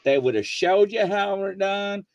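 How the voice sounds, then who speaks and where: Animated man telling stories. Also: high voice, moderate pace, dry recording, lo-fi sound. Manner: animated storyteller, acts out quoted people. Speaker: podcast host. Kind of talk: casual chat.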